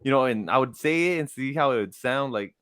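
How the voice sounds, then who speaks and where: A man co-hosts a podcast in a bright, tense-edged voice that swings widely in pitch. He giggles often and leaves sentences unfinished. The sound is dry and close. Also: a little fast, smooth, no room sound. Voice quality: animated, giggly, trails off mid-sentence. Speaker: podcast co-host. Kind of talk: casual chat.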